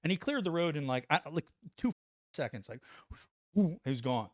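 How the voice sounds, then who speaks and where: A middle-aged man and former soldier telling a story on a podcast, animated, acting out what people said and saying "like" often. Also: fairly high pitch, normal speed, no echo, studio quality. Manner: animated, acts out quotes, says "like" a lot. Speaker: podcast guest, former Army Ranger. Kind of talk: casual storytelling.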